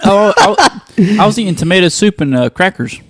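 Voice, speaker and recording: A man's voice: high voice, huge pitch swings, normal speed, a bit bright. A man, a podcast guest, hesitant and defensive in casual banter.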